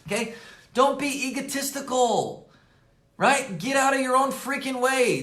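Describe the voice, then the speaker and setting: Speaking to camera from his office desk, a high-voiced network marketing coach delivers energetic motivational coaching, his voice slightly hoarse. He hammers key points through repetition and drops "right?" and "okay?" between phrases, all in a roomy, echoing space.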